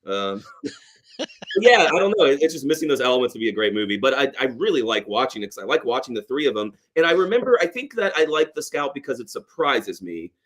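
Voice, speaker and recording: A man's voice: mid-range voice, fast talker. A man co-hosting a podcast, chatting casually about a movie and acting out its lines now and then. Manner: animated, acts out quoted lines with a raised voice. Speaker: podcast co-host. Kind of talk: casual movie review chat.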